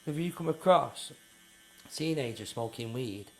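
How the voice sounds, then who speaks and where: A man's voice: medium pitch, lively intonation, moderate pace, a bit bright. A man, a neighbourhood patrol founder, talking bluntly and swearing in a casual interview. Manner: blunt, sweary, repeats himself, acts out quotes.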